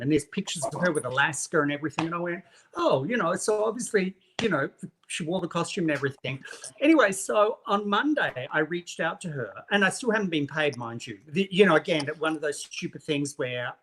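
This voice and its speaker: A chatty guest spins a long gossipy story, sprinkling "honey" through nearly every sentence. This speaker acts out what everyone said in quotes, in a mid-pitched voice. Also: lively intonation, a little fast, fairly bright tone, a little hiss or hum. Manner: acts out others' lines in quotes. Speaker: guest costume maker. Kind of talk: casual chat.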